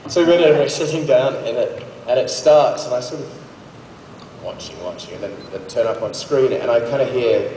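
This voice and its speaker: A man's voice: mid-range voice, moderate pace, mellow, slight background noise. A male actor on a convention panel, telling a self-mocking story. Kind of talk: anecdote told to an audience. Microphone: phone recording from the audience. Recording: echoey hall from far off, faint crowd.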